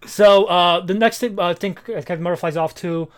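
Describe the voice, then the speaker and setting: A man co-hosting a casual comic book chat, animated and reading dialogue aloud with feeling. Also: sits high, normal speed, smooth. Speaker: podcast co-host.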